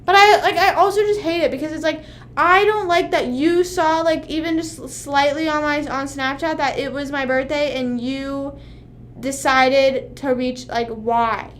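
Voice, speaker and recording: A woman in her twenties chatting casually on a livestream, rambling and animated, with frequent swearing. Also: sits high, measured pace, slight background noise. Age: 20s. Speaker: streamer.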